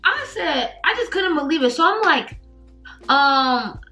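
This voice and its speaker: A young woman spins a storytime for her vlog in a bright, lively voice that swings high and low. She talks in slangy, animated bursts packed with "like", and faint music sits behind her. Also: unhurried, poor audio. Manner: animated, slangy, heavy use of "like". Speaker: vlogger. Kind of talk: casual storytime. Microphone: camera mic.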